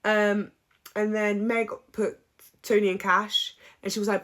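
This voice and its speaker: A woman giving a casual, opinionated recap, chatty and animated, with frequent ums. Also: medium pitch, a little slow. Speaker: reality show recap vlogger.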